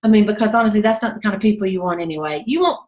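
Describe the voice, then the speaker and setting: A woman's voice: racing, darkish tone, echoey room. A woman leading a sales team call, telling a story in a chatty way and acting out the voices of others. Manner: chatty storyteller, acts out quotes in a high voice. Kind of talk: motivational team call talk.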